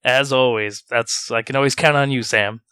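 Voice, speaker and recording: A man's voice: medium pitch, steady tone, normal speed, bright, forceful tone, clear, resonant tone, dry recording. A man hosting a podcast in casual banter, teasing his co-hosts and giving blunt opinions. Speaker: podcast host.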